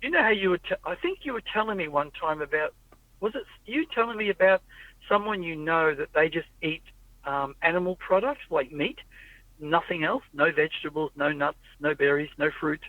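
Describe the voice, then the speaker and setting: A man chats casually in a car, rambling from story to story. His voice sits a little high. The sound is thin and phone-like, with no room echo. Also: moderate pace. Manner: rambling storyteller, acts out quoted people. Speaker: podcast host. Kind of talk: casual chat. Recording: tinny phone-like audio, dry.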